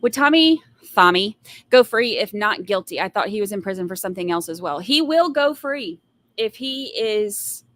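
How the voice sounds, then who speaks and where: A young woman chatting casually on a live commentary stream, sassy and opinionated. She talks bluntly to her viewers and breaks into exasperated sighs when something annoys her. Her voice sits at an ordinary middle pitch for a woman. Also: lively intonation, normal speed, fairly bright tone. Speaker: trial commentary livestream host.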